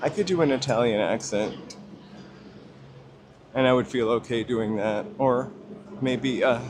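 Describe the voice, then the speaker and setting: A man talks casually to his viewers while walking outdoors, his voice sitting at an ordinary middle pitch. He rambles and makes self-deprecating asides. Street noise and passing traffic are clearly heard around him. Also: measured pace. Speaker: livestream host. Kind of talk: casual walking livestream chat. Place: outdoors on a busy city street. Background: street ambience and passing traffic.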